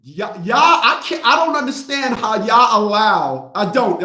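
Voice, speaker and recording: A man's voice: high-pitched, big pitch swings, a little slow, hardly any pauses, pushed and bright, reverberant. A middle-aged man hosting a livestream rant, blunt and mocking, repeating himself. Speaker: host.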